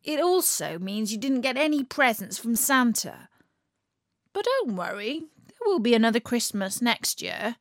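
A woman reading as a calm, scolding dad. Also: fairly high pitch, unhurried, no room sound, clean studio sound. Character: patient, scolding storybook dad. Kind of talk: storybook reading.

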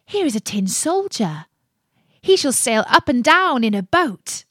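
A woman voicing an excited young street boy with a high, eager voice. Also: unhurried, no echo, studio quality, exaggerated voice.

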